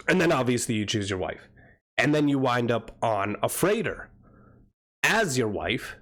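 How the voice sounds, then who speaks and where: A man's voice: mid-range voice, very animated, measured pace, fairly bright tone. Rambling, crude-joking young male streamer. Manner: rambling, crude jokey asides. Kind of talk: casual livestream game commentary.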